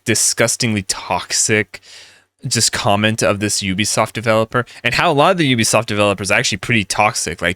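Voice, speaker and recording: A man's voice: lowish voice, bright, forceful tone, dry recording. A man ranting in rambling gaming commentary, heated and full of restarts.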